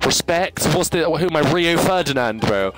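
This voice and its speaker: A young man giving casual, excitable gameplay commentary, ranting and stammering, with sudden high yelps. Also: moderate pace, heavy background noise. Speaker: gaming YouTuber.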